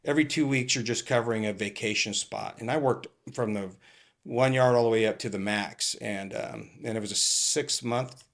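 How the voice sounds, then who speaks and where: A man's voice: medium pitch, normal speed, a bit bright. A middle-aged man from California, a retired police captain, telling rambling stories in a casual interview, swearing and acting out what people said. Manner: rambling, swears, acts out quoted lines.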